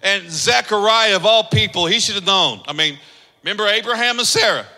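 A man's voice: high-pitched, animated, brisk, sharp tone, big-room sound, low-quality recording. A man preaching a sermon as pastor, emphatic and calling on the congregation to read along. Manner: emphatic, leads the congregation in reading aloud.

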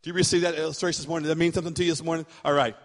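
A man preaching as pastor in a church, animated and emphatic, repeating his points. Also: on the high side, very fast, big-room sound. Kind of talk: sermon.

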